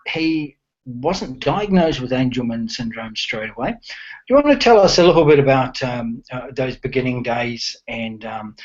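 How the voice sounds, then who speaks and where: A man hosting an online interview show, friendly and hesitant, with many fillers. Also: mid-range voice. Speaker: host. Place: New Zealand. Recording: dull lo-fi audio.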